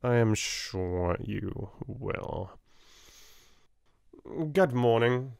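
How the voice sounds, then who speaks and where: A man with a British accent reading a soft-spoken audiobook, voicing a shrewd businessman who speaks calmly with a faintly sinister edge. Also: on the low side, clean tone, no echo, studio quality, close to an everyday voice. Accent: British English. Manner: calm, unhurried, faintly sinister. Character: cool, shrewd middle-aged male solicitor.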